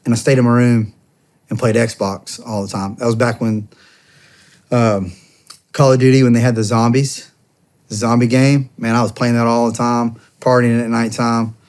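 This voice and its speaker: A man in his thirties tells a long personal story as a podcast guest, in a medium-pitched voice. His talk is loose and slangy. He laughs along the way and slips into the voices of the people he quotes. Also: normal speed. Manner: animated, acts out dialogue in quoted voices. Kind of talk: casual storytelling.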